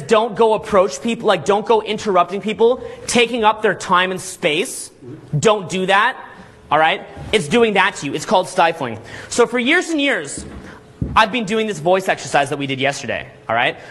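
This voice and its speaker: A man leads a live seminar, teaching the room with lively energy and throwing questions at his audience. His voice sits high and rings sharp and bright. He talks like a coach working a crowd.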